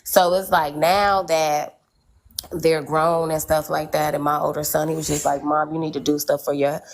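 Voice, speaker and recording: A woman with a low, full voice speaks openly in relaxed, slangy chat, often checking in with the listener. She sounds middle-aged and unguarded. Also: moderate pace, slight background noise. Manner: candid, storytelling, slangy, repeats "you know what I'm saying". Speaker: podcast panelist. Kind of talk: casual chat.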